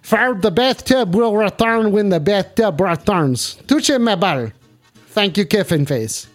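A man putting on a hammy mock-French accent as a phone-in show host, dropping broken French phrases and speaking slowly and grandly. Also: high-pitched, animated, soft background music, heavily acted. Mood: grandiose. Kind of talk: live-stream phone-in bit.

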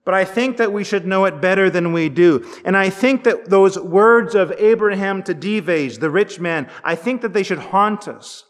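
A man preaching a sermon as pastor, measured and emphatic with dramatic pauses. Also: high voice. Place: church. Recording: long church reverb.

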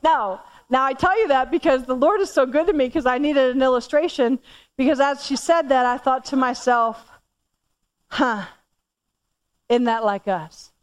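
A woman in her forties giving a sermon, telling a family story with lively acted-out dialogue and repeated phrases. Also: sits high, moderate pace, dry recording. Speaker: church speaker.

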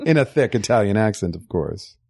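A man's voice: fairly low pitch, big pitch swings, normal speed, a little mellow, slightly rough, no echo, studio quality. A man co-hosting a podcast, casually recapping scenes of a film with a chuckle. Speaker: podcast co-host.

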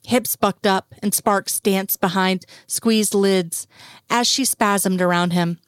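A woman reads a story aloud in a steady, unhurried voice of middling pitch. She sits close to the mic in a dry space with no room sound. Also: dry recording. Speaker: reader. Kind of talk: reading fiction aloud.

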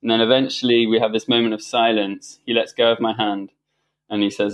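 A man with a fairly low voice, a guest on a podcast, recounting a personal story in a relaxed conversation. He talks in an animated, reflective way, often restarting sentences and laughing as he goes. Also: fairly quick.

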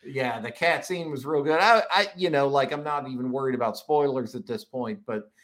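A man with a mid-range voice chats loosely and enthusiastically on a podcast, circling back on himself with fillers as he goes. His talk is relaxed and conversational throughout. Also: medium pitch, moderate pace. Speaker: podcast co-host. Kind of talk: casual chat.

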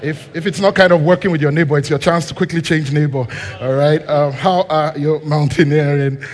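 A man preaching a story-driven sermon as a guest speaker, moving between quiet asides and loud, animated shouting. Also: a little high, a little fast. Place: church hall. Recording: long hall reverb.

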